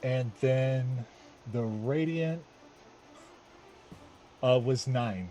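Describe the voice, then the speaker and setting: A man playing a tabletop game, talking slowly and hesitantly with many fillers. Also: mid-range voice, warm tone, a little hiss or hum. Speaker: player. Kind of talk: tabletop game play, casual.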